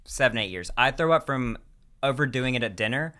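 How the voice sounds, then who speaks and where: A man chatting casually on a comedy podcast with deadpan jokes. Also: medium pitch, brisk.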